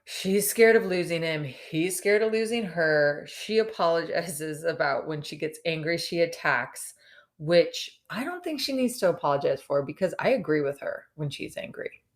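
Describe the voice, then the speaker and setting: A woman's voice: low-pitched, expressive, normal speed. A woman co-hosting a podcast, chatting casually about a reality show, laughing often and filling her talk with "like.". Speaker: podcast co-host.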